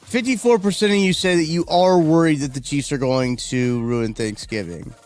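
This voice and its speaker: A man's voice: fairly high pitch, normal speed, a little mellow, soft background music. A man hosting a live stream, chatting casually and rambling through viewer comments. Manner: rambling, chatty, reacts to chat, yawning. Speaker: livestream host.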